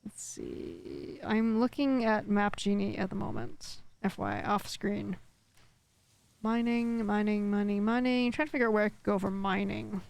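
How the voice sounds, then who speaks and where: A woman's voice: medium pitch, fairly even intonation, moderate pace, vocal fry, a little mellow, no room sound. A woman streaming a game live, chatting casually and rambling with lots of filler words. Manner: reads chat aloud and answers it. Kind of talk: casual live-stream chat while gaming.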